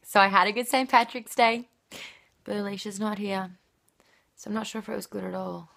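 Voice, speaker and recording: A woman's voice: mid-range voice, fairly even intonation, brisk, creaky, fairly bright tone, a little hiss or hum. An Australian woman hosting geek culture content, talking in playful, jokey, self-mocking comedy clips. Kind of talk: comedic short vlog clips.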